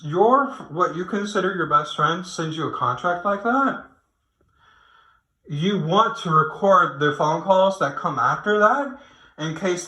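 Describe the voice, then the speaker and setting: A man talks through a rambling late-night rant, swearing freely and restarting his sentences. His voice sits a little high and sounds sharp and forceful. He is recorded in an echoey room at home. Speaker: online commentator.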